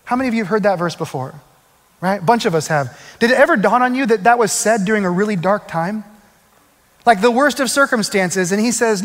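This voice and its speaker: Man, pastor, high voice, conversational sermon, slows for emphasis, lingering hall reverb. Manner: conversational preaching, slows for emphasis, rises when excited.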